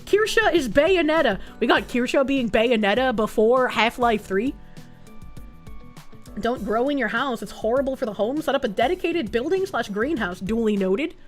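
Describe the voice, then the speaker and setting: A woman from New England with a Boston-area accent, reading chat on her stream, swearing loudly and breaking into shrieking laughs. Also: animated, normal speed, soft background music. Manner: loud, swearing, bursts into high laughing shrieks.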